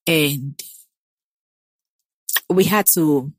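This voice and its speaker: A woman's voice: deep voice, drawn-out words, no echo, clean studio sound. Confident young Nigerian woman. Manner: confident, emphatic, mixes in Pidgin. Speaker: guest. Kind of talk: casual interview chat.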